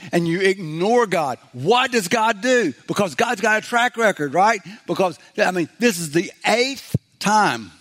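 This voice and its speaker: A man's voice: sits high, fairly bright tone. A man preaching a sermon in a loose, conversational way, acting out biblical voices with humor and many restarts. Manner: frequent fillers and restarts. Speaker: pastor.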